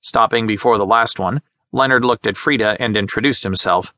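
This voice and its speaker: Guy narrating an audiobook, lowish voice but bright and forceful, dead dry booth sound. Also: normal speed, no echo. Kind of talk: scripted narration.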